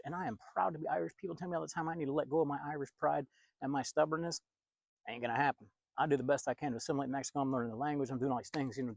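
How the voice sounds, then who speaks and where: A man from the United States preaching in a fast, blunt, confrontational monologue. His voice is husky and sits somewhat high. It is recorded close and dry, with almost no room sound. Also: a little mellow, dry recording. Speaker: pastor and video host.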